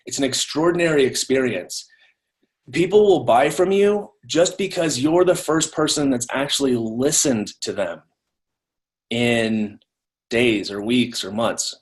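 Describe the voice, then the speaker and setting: A man's voice: medium pitch, unhurried. Man teaching over a video call. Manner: conversational, repeats words when restarting. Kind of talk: live online training talk.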